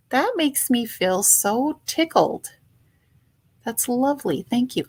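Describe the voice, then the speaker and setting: A woman's voice: mid-range voice, very animated, moderate pace, gravelly, breathy edge. A woman hosting a casual livestream, greeting chat viewers by name in a chatty, playful way. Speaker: livestream host.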